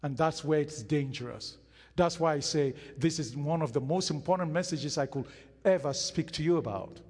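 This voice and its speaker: Slow, husky-voiced preacher in an echoing hall. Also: male voice, fairly high pitch. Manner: emphatic preaching with repeated phrases and acted-out quotes. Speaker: pastor. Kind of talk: sermon. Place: church hall. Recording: hall reverb.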